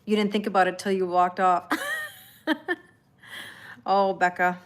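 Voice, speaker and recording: A woman's voice: fairly low pitch, level tone, measured pace. A woman hosting a casual live tarot reading, chatting and laughing with viewers and reading their comments aloud in a reassuring tone. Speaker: tarot reader hosting a livestream.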